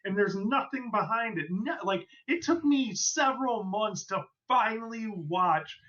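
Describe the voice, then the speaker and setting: A young man tells nostalgic, jokey stories in a bright, sharp voice pitched a bit high. The podcast audio sounds dull and lo-fi. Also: lively intonation, a little slow. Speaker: podcast co-host. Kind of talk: casual chat.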